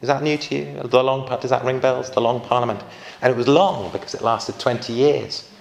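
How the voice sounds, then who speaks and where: A man's voice: medium pitch, brisk, gravelly, a little hiss or hum. Man giving a chatty history lecture. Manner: chatty asides and rhetorical questions to listeners. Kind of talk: informal history lecture to an audience.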